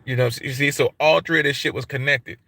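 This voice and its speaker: A YouTube livestream host with an African American English accent rants casually and profanely, repeating himself for emphasis and using heavy swearing and street slang. His mid-range voice is quick, fairly even in intonation, sharp-toned and fried, with no room sound.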